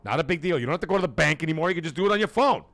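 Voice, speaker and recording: A man hosting a gaming livestream, ranting in a casual, animated way with big jumps in pitch and loud bursts, swearing freely. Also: racing, dry recording.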